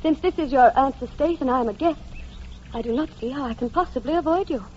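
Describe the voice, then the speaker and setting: An actress playing a proud, sharp-witted young gentlewoman who speaks with poised, pointed politeness, in a radio play on a dull lo-fi recording. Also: high voice, fast talker, slight background noise, lightly acted. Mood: cool. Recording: dull lo-fi sound.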